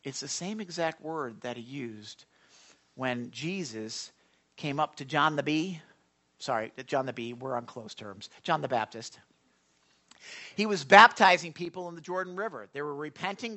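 A bright, forceful male voice delivering a lively sermon to a church congregation. He keeps it conversational, firing questions at the listeners and teasing them between points. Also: fairly high pitch, moderate pace. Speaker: pastor.

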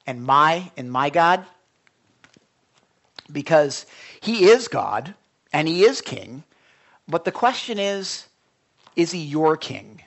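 Earnest preacher man, hushed asides. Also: high voice. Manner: earnest, lots of restarts, drops to a whisper for emphasis. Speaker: preacher speaking to young listeners. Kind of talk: sermon.

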